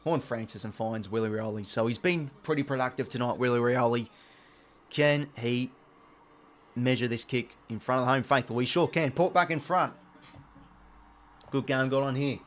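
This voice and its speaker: An Australian man hosting a live watch-along, calling the play as it happens, getting excited on big plays and chatting to his viewers in between. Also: medium pitch, normal speed. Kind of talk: live play-by-play commentary over a match.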